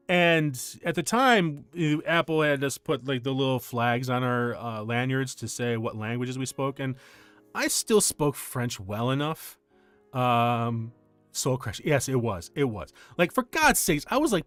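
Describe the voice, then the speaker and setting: A man's voice: mid-range voice, a bit bright, dry recording. A man in his forties chatting casually on stream, rambling through a story and cutting himself off often. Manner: rambling, self-interrupting storyteller. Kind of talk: casual chat.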